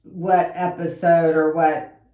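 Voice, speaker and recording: A woman co-hosting a podcast, telling stories in an animated, self-teasing way. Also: low voice, slow, far from the mic. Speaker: podcast co-host. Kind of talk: casual chat. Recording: echoey, off-mic, noisy crowd behind.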